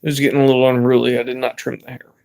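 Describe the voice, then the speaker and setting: A man's voice: mid-range voice, level tone, very fast, creaky, darkish tone. A young man vlogging in a rambling, laid-back way, swearing casually as he chats. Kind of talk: casual vlog chat.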